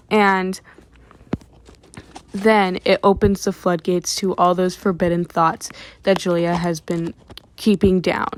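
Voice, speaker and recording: A woman's voice: medium pitch, little pitch movement, measured pace, a little hiss or hum. A woman casually retelling a comic's plot, stringing events together and often restarting her sentences. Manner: frequent restarts and self-corrections. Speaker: webtoon recap creator. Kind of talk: casual story recap.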